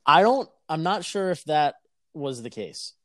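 A young man telling a casual, profane story on a podcast, animated and laughing as he talks. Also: a little high, a little slow, no echo, clean studio sound. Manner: animated, swears constantly, laughs mid-sentence.

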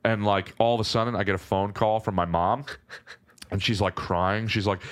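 A young man telling a long story as a podcast guest, casual and animated, full of "like" fillers and restarts. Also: fairly low pitch, moderate pace.

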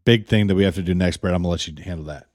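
A man's voice: sits low, very fast, darkish tone, no echo, studio quality. A man co-hosting a radio show in casual chat, laid-back and rambling, swearing now and then.

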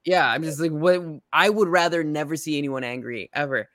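A man's voice: fairly high pitch, brisk, bright, forceful tone, no echo, studio quality. Joking man in his late thirties. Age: 30s. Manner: joking, self-deprecating. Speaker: podcast guest. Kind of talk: casual chat.

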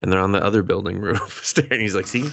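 A man's voice: sits low, fast, vocal fry, noisy background. A man hosting a casual podcast, retelling an anime episode with quoted lines and laughter. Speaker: podcast host. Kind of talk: casual anime review chat.

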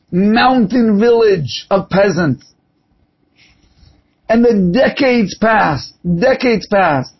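Husky high-voiced man preaching. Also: highs cut off. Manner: impassioned storytelling. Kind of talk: sermon with parable.

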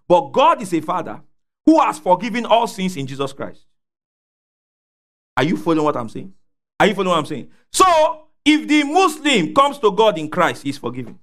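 High, lively man preaching. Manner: call-and-response preaching, asks congregation to fill in words; rises to shouts at peaks. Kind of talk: sermon.

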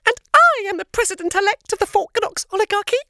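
A man doing a bossy, shrill little girl. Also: lively intonation, fast talker, pushed and bright, dry recording, full character voice. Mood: haughty. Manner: snooty and pushy.

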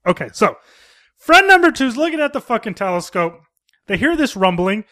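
A man with a high, bright voice tells a film's plot on a casual podcast recorded at home. His pitch leaps around as he rambles and swears his way through the story. He talks with loose, animated energy. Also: moderate pace. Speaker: podcast host. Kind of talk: casual podcast chat, retelling a film.

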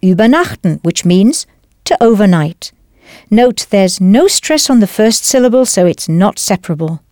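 A woman's voice: mid-range voice, lively intonation, normal speed, a little mellow, dry recording. Woman teacher, patient step-by-step explaining, dry close sound. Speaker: language teacher. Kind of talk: scripted instructional narration.

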